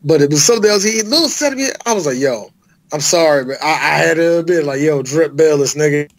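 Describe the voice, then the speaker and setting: A man co-hosting a casual sports podcast, talking fast and animated, profane, with lots of laughter. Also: fairly high pitch. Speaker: podcast co-host.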